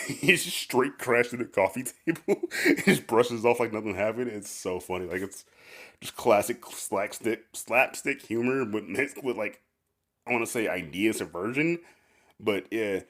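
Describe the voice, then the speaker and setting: A man's voice: on the low side, moderate pace, a bit bright. A man hosting a casual podcast, rambling with lots of fillers and laughing often. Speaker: podcast host.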